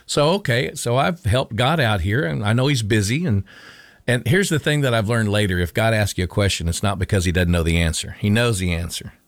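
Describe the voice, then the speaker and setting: A middle-aged man with a low voice recounts his testimony in an earnest, conversational way. He often restarts and repeats phrases for emphasis. The sound is dry and close. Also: brisk, no echo. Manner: earnest storytelling with restarts and repetition. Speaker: interview guest, former coach.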